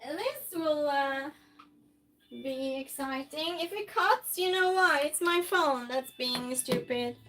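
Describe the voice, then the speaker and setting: A woman with a high, light voice chats unhurriedly with her livestream audience from her home kitchen. She talks to herself and to her viewers as she works, and clear music plays in the background. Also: takes it slowly, a bit bright. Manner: chatty, talks to herself and to chat while cooking. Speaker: streamer. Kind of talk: casual livestream chat while cooking.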